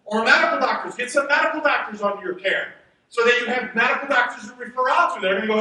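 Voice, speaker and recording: Fiery, high-pitched man on a stage, booming through a hall. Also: fast. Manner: energetic, shouting at peaks, drops to a hushed aside. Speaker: chiropractor speaking at a seminar. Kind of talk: motivational stage talk. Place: large event hall with an audience. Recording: roomy hall reverb, heard from a distance.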